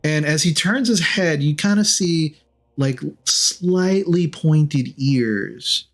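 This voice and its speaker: A man's voice: on the high side, slow. A man narrating as game master of a tabletop game, rambling and using lots of fillers. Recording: faint music behind.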